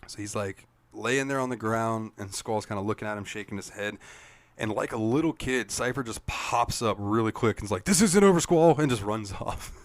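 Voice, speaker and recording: Low-voiced swearing podcast man, dry sound. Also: fairly even intonation, moderate pace, fairly bright tone, no echo. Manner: profane, laughing recap storyteller. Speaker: podcast co-host. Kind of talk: casual gaming chat.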